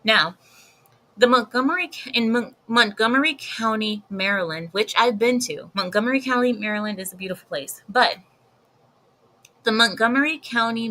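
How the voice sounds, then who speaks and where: Lady ranting on her vlog, slow and deliberate, bright voice, repeats stuff for emphasis. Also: fairly high pitch, rough recording. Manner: blunt, emphatic, repeats herself for effect. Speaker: video commentator. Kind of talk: casual commentary vlog.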